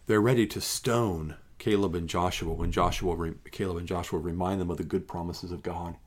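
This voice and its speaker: A man's voice: sits low, steady tone, a little fast. A man, a pastor, reads scripture aloud and then comments on it in an emphatic, conversational devotional. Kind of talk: Bible reading and devotional commentary.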